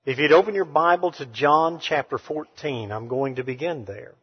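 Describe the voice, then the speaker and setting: Man, preacher, sermon, emphatic, hushed to loud, husky, dull lo-fi recording. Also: fairly high pitch, normal speed. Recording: reverberant hall, dull sound.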